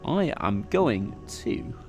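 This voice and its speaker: A man's voice: mid-range voice, sing-song, slow, a little mellow, soft background music. A man hosting and playing along on a live quiz stream, chatty and rambling with lots of fillers. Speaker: quiz game host and player. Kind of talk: live-streamed quiz play-through commentary.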